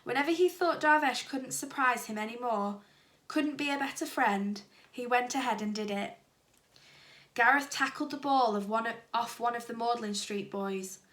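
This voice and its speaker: A woman teacher reading a children's storybook aloud, lively and expressive. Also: a little high. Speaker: primary school teacher.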